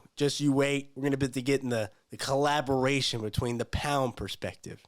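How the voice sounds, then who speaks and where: A man's voice: medium pitch, steady tone, a little fast, no room sound, studio quality. A man co-hosting a casual sports podcast, talking in a laid-back, teasing way and repeating phrases for effect. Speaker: podcast co-host.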